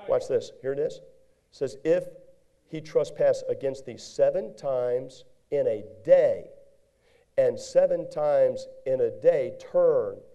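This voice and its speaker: A man pastor preaching a lively sermon, acting out little scenes and rising to shouts at his peaks. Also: medium pitch, takes it slowly.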